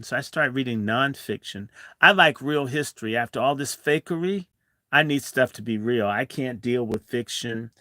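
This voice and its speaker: A man in his sixties holds forth in a bright, forceful voice, sliding between a personal story and a blunt, profane rant. His sound is dry and close, with no room around it. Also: medium pitch, no echo. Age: 60s. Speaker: host.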